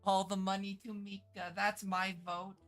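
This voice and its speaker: A woman's voice: medium pitch, flat delivery, measured pace, faint music behind. A woman game streamer chatting casually on a live stream, swearing freely and answering her chat.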